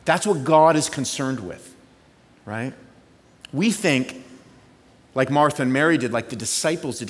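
A man preaching a sermon as pastor, conversational, moving between hushed reflection and excited storytelling. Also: medium pitch, unhurried, pauses often. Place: church sanctuary. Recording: reverberant hall.

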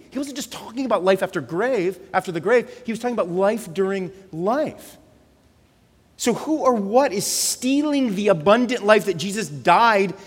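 Male pastor preaching, kinda high voice, stutters words when he pushes a point, long hall echo. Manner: impassioned, repeats words when stressing a point. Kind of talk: sermon.

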